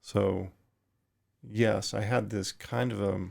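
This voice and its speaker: A middle-aged man, a retired firefighter, talking thoughtfully in a podcast interview, pausing and restarting often. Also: fairly low pitch, fairly even intonation, gravelly, a little mellow. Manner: thoughtful, halting with frequent restarts.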